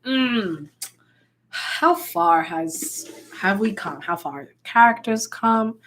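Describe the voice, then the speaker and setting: A woman's voice: medium pitch, lively intonation, slow, fairly bright tone. Rambling woman teaching ukulele. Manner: rambling, with many fillers and restarts. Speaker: ukulele tutor. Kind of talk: casual music tutorial. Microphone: ukulele played alongside.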